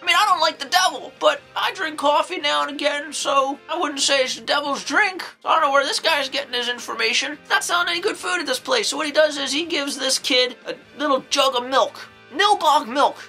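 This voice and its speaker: A woman playing an eccentric, excitable old nun who reviews horror movies, rambling along with folksy exclamations. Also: high voice, a little fast, hardly any pauses, faint music behind. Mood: rambling, amused. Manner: rambling, folksy exclamations, jumps into acted quotes. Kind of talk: in-character comedic movie review.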